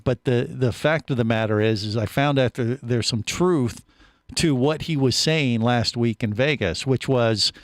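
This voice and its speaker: A man's voice: mid-range voice, no room sound. A man hosting a casual radio talk show from a studio, telling a long story with lots of restarts and asides. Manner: animated storyteller, many restarts.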